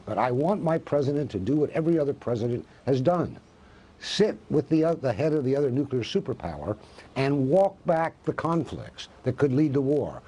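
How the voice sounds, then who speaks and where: A man's voice: fairly high pitch, a little mellow, husky. A man who is a professor, speaking as a guest in a live TV news interview, impassioned and full of rhetorical questions.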